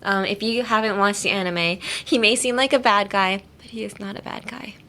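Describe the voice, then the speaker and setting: A woman hosts a relaxed podcast lesson, talking as if to a friend. She rambles, restarts and fills pauses as she goes, her pitch sitting right in the middle. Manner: chatty and rambling, many fillers and self-corrections. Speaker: podcast host teaching English through anime. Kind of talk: casual English lesson chat.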